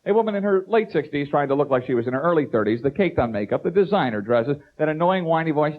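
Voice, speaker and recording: Male stand-up comic, raised voice, lively swings in pitch, dull hissy tape sound. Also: fast talker, few pauses. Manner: animated, stammering restarts, slips into impressions. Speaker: stand-up comedian. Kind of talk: stand-up comedy.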